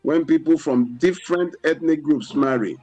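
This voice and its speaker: A man with a Nigerian English accent speaks as a guest on a studio radio talk show. His voice sits somewhat high for a man, and he explains at a measured pace, leaning on "you know" as he goes. Soft music plays faintly underneath. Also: poor audio.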